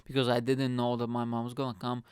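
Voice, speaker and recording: A man's voice: medium pitch, monotone, a little fast, darkish tone, clean tone, no room sound. A man hosting his own podcast, telling comic stories casually, swearing freely and calling listeners "mate". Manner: chatty, swears freely, says "mate" a lot. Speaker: podcast host. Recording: dry close-miked voice.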